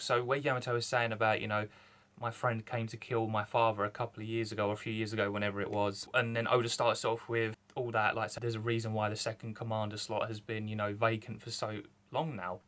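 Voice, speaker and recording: A young man, reviewing a manga chapter in rambling, excited casual chat. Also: medium pitch. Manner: rambling, excited, lots of fillers.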